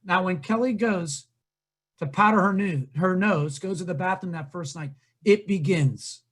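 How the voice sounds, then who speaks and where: A man's voice: high voice, unhurried. A man, a diversity trainer, giving a humorous storytelling talk and quizzing his audience. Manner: animated, comic, asks the audience questions.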